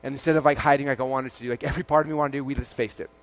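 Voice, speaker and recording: Fast-talking man telling stories on stage. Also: mid-range voice. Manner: animated, acts out dialogue in quick quotes, frequent "like". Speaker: conference keynote speaker. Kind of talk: energetic stage storytelling. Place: large event stage before a live audience.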